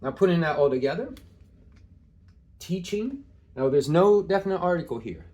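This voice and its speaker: A man's voice: a little high, animated, normal speed, a little mellow. A man teaching Greek in a casual, thinking-aloud way, with many fillers and small laughs. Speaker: Greek tutor. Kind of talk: informal screen-share lesson.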